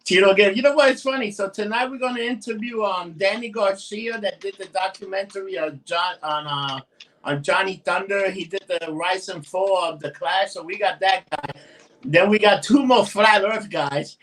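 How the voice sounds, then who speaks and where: Brash high-voiced New York man. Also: moderate pace, a bit bright, distant mic, slight background noise. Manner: brash, swearing, laughing often. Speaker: podcast co-host. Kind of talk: casual crude banter.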